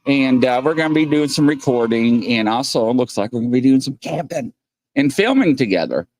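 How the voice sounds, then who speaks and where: A man's voice: mid-range voice, expressive, a little fast, a little mellow. A man hosting a casual livestream, rambling and joking as he reads chat comments aloud and greets viewers. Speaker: host.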